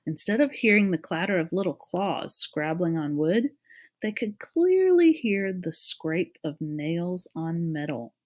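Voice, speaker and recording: A woman reading a children's novel aloud, narrating in a clear, steady storytelling manner. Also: on the low side, a little slow. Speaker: reader.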